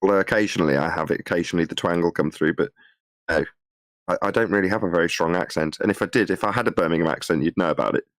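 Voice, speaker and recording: A man with a mild Midlands accent chats easily on a podcast, laughing between his points. His voice sits low, and the sound is close and dry. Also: very fast, no room sound. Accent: mild English Midlands. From England. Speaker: podcast co-host. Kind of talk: casual chat.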